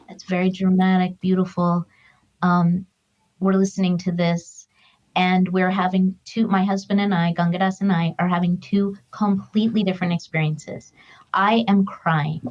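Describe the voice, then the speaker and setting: A woman's voice: medium pitch, highs cut off. A middle-aged woman, a guest, telling a personal story in an earnest, emotional, reflective way. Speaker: guest, author and grief counselor. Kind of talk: heartfelt conversational storytelling.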